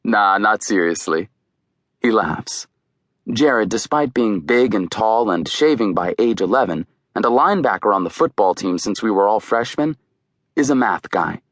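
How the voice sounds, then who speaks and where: A man's voice: lowish voice, expressive, normal speed, dry recording. A man narrating an audiobook in a wry, conversational storytelling way. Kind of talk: scripted narration.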